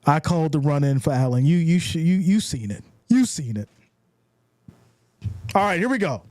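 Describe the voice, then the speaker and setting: A man's voice: a little high, expressive, normal speed, dry recording. A man hosting a live reaction stream of a football game, calling plays, reading chat messages aloud and cheering with casual slang. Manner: hyped, shouting and cheering on big plays; reads viewer chat aloud.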